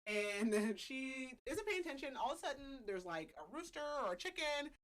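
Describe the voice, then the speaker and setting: Recapping a book's plot on her podcast, this host talks in a high-sitting, slightly bright voice with big pitch swings at a moderate pace. Her manner is chatty and laughing, full of filler words.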